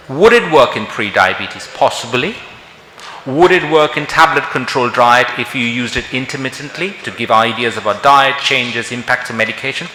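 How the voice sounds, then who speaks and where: A middle-aged male doctor from India gives a conversational conference lecture, firing rhetorical questions at the room. His voice is bright and forceful, and it rings through a large hall with a long reverb. A faint hum of ambience sits underneath. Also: mid-range voice.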